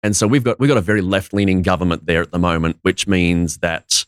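Deep-voiced Australian evangelist guest. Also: male voice, dry recording. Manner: clear, measured speech. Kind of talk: casual interview chat.

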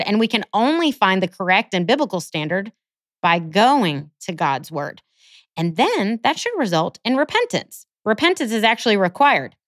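The host of a Christian podcast, a woman with a mid-range and fairly bright voice, reads an earnest Bible teaching monologue from a script. She cites scripture verses, and the recording has no room sound.

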